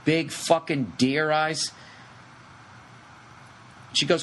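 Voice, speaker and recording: Brief: man with a Boston accent, a touch high, profane animated comic storyteller, faint noise behind. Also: normal speed. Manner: profane, animated, acts out the people in his story. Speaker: comedian telling a story on a podcast. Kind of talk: casual storytelling.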